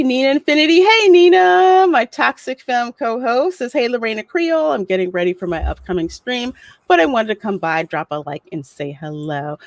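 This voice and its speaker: A woman's voice: mid-range voice, vocal fry, no echo. A woman hosting a casual livestream, chatty and laughing often as she greets viewers by name and reads their messages. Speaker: livestream host reading chat.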